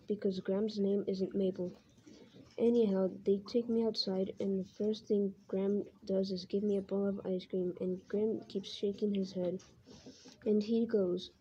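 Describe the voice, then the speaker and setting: A teacher, a woman, reading a novel aloud to her class in a plain, even way, now and then stumbling and correcting herself. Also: medium pitch, measured pace, slight background noise. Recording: muffled lo-fi recording.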